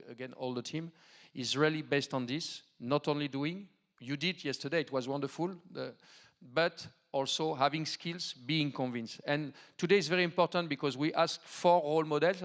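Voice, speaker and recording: A man with a French accent giving a formal welcome speech on stage, earnest and halting, full of fillers and restarts. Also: medium pitch, fairly bright tone. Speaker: sports federation president. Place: large hall stage.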